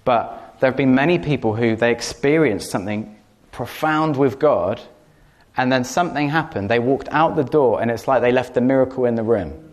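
A man's voice: medium pitch, moderate pace. A man preaching and telling a personal story in an earnest way, doubling words for stress and breaking into laughter. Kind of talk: teaching talk with personal story.

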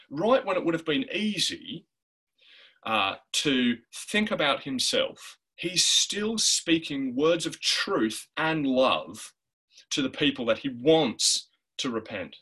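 A man's voice: mid-range voice, lively intonation, takes it slowly, pushed and bright, breathy edge, poor audio. A man preaching a sermon in an earnest way, often checking in with the listeners by asking "right?".

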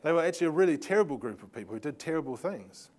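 A man teaching a Bible lesson with slides, telling the story in a lively way with laughing asides and sarcastic remarks. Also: on the high side, racing.

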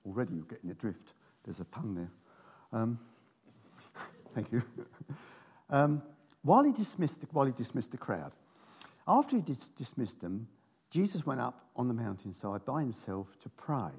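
Husky-voiced male preacher, lively and wry, reads scripture with playful asides. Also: mid-range voice, moderate pace, long pauses. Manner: animated, jokey asides while reading scripture. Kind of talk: sermon with Bible reading.

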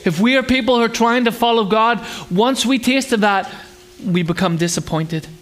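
A pastor delivers a friendly, conversational sermon with a notably high voice. He jokes, asks the congregation questions, and slips into childlike voices for little acted scenes. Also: normal speed, fairly bright tone. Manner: acts out children's voices in a higher pitch.

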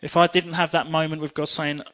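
Brief: middle-aged male preacher, slightly higher voice, animated and earnest storytelling from the pulpit. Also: brisk. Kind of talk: sermon with personal testimony.

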